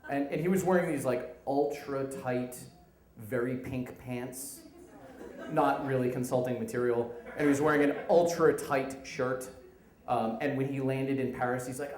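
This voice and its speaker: A man in his thirties telling a comic work story live on stage, animated, acting out the people in it. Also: mid-range voice, a little slow, reverberant, rough recording. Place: stage in a venue.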